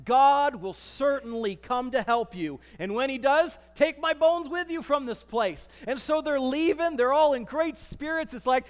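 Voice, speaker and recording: A man preaching a sermon, acting out the people he quotes and swinging from loud to soft. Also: extremely high pitch, expressive, normal speed, hardly any pauses. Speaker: pastor. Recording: long reverb of a large hall.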